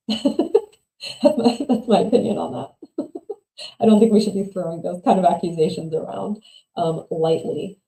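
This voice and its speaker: Woman streamer, casual reaction chat, opinionated and giggly, mellow dark voice, roomy echo. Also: lowish voice. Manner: chatty, opinionated, laughs often, trails off into mumbles. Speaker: streamer reading and reacting to online stories. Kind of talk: casual livestream commentary.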